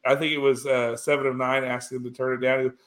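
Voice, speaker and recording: A man chatting loosely about a film, wandering through the plot with plenty of ums and false starts. His voice sits at an everyday middle pitch. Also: level tone, quick pace, fairly bright tone. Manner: rambling, many fillers and restarts. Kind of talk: casual chat recapping a film.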